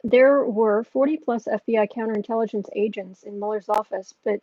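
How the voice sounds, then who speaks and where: On her tarot livestream, a channel host with a medium-pitched, fairly even voice reads viewer questions aloud briskly, rambling and offering blunt opinions. The recording is dry, with dull lo-fi quality.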